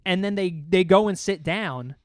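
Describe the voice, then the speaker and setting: A young man with a slightly raised voice tells a rambling stand-up story, jumping into quick impressions of the people he met. The sound is close and dry, with no room around it. He talks loosely and fills every gap with "like". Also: high-pitched, no room sound. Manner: animated, acts out quoted voices, heavy filler "like". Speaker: podcast co-host, stand-up comic. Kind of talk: casual storytelling chat.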